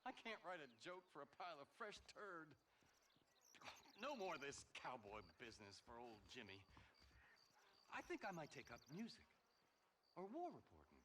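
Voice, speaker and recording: A man's voice: a little high, sing-song, normal speed, pauses often, background noise. An actor playing a self-mocking, washed-up male frontier writer in a western video game, with a wry, theatrical way of speaking. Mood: rueful. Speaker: game character.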